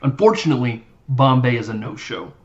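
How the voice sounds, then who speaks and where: A man's voice: medium pitch, a little fast, muffled recording. A man hosting a podcast, recapping a movie in casual, rambling chat and acting out lines in silly voices. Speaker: podcast host.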